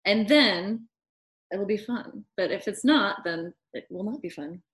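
Brief: female podcast guest, mid-range voice, steady and sincere advice. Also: mid-range voice. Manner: measured, giving heartfelt advice. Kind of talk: casual interview chat.

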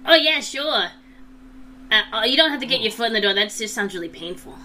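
A woman's voice: on the high side, expressive, a little fast, bright, forceful tone, a little hiss or hum. A woman voicing a timid young male goblin apprentice, earnest and overly polite, stammering a little. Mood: chatty.

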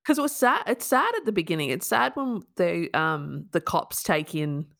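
A woman's voice: on the low side, sing-song, moderate pace, creaky, fairly bright tone, no room sound, clean studio sound. A woman co-hosting a podcast, chatting bluntly about a film and laughing easily. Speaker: podcast co-host. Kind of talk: casual film review chat.

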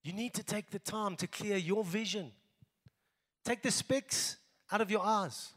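A middle-aged South African man preaching a sermon as pastor, emphatic, moving between raised exhortation and quiet asides. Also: high voice, measured pace, husky, long reverb tail. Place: church.

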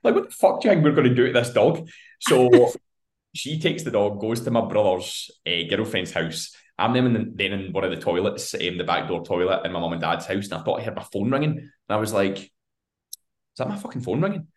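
A man's voice: fairly low pitch, a little fast. A man with a Scottish accent, co-hosting a podcast, telling a long story in casual chat, swearing freely and laughing as he goes. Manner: swears freely and laughs through his anecdotes. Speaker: podcast co-host.

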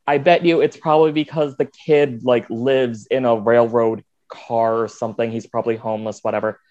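A man's voice: mid-range voice, fairly even intonation, normal speed, a little mellow, dull audio. A man co-hosting a casual podcast, laid-back and drawling, swearing now and then. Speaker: podcast co-host. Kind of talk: casual chat.

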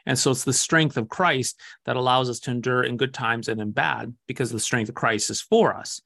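A man's voice: medium pitch, normal speed, vocal fry, hardly any pauses, a bit bright. A man, a Lutheran pastor, talking about faith in a casual conversation, earnest and emphatic, often asking rhetorical questions.

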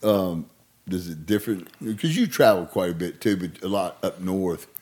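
A man's voice: deep voice, normal speed. A man with a Southern American accent, from Arkansas, talking in a rambling, hesitant, casual way on a podcast. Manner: rambling, hesitant, soft-spoken asides. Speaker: podcast co-host. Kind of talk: casual chat.

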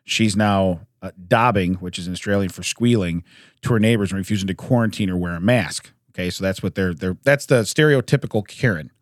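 A man hosting a podcast, chatting casually through news stories and laughing and clearing his throat often. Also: deep voice, brisk, dry recording, clean studio sound. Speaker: podcast host.

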